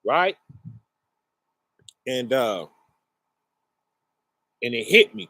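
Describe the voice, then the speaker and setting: A middle-aged man telling a personal story in a casual, earnest way, often checking in with the listener, his pace swinging between rushed and slow. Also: on the high side, animated, pushed and bright, no echo. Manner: conversational, often checks in with "right?" and "you know".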